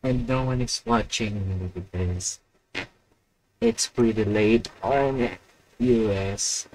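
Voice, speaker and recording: A man's voice: on the low side, slow, background noise. A young man hosting a live stream alone, rambling and mocking himself while he waits for viewers. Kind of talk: casual solo live stream chat.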